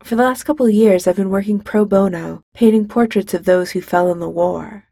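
A woman voicing a refined, deep-voiced posh young man who speaks in a measured, brisk way. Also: gravelly, dark tone, dry recording, studio quality.

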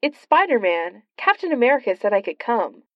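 A woman's voice: fairly high pitch, big pitch swings, moderate pace, dry recording, highs cut off, voice pushed up. A woman reading the lines of an eager, slightly indignant young male superhero.

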